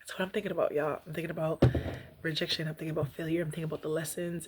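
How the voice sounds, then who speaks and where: A young woman vlogging casually about rejection, chatty and animated, laughing often and reading aloud. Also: deep voice, rapid-fire, a little hiss or hum. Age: young adult. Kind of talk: casual reflective vlog.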